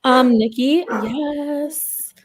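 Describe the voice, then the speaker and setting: A woman's voice: high-pitched, very slow, crowd noise. A woman co-hosting a casual livestream on a video call, greeting viewers by name and reacting to their comments. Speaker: livestream co-host reading viewer chat.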